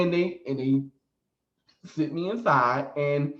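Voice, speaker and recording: A man hosting a storytime vlog as a psychic reader, animated, often laughing and adding "okay?" asides. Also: a little high, takes it slowly. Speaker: psychic reader and video host. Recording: echoey room, slightly dull sound.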